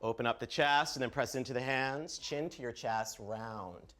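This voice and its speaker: A man leading a yoga session, talking a student through each pose. He cues the breath in a calm, encouraging way and gives short words of praise. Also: medium pitch, moderate pace. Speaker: yoga instructor. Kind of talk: guided yoga instruction.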